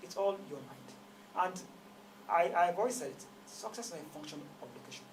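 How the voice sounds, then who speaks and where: Man, Nigerian accent, quick pace, emphatic rhetorical talker, noisy background. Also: fairly high pitch, lively intonation. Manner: emphatic, rhetorical questions, laughing asides. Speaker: guest. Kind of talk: conversational interview. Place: office.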